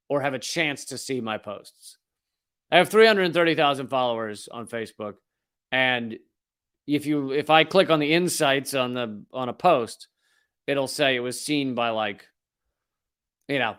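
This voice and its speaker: A man's voice: on the high side, fairly bright tone, clear, resonant tone. A man hosting a comedic news monologue, profane and sarcastic, rambling with frequent restarts. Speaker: comedy show host.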